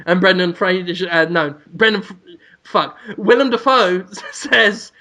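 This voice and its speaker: A man's voice: high-pitched, a little slow, bright, forceful tone. A man co-hosting a podcast, rambling through a comic story with giggles and off-the-cuff asides. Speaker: podcast co-host.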